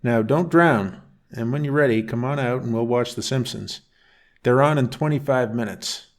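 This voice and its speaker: A man reading as a gentle teasing dad. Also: medium pitch, normal speed, lightly acted. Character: easygoing single dad, car salesman, slight Virginia drawl.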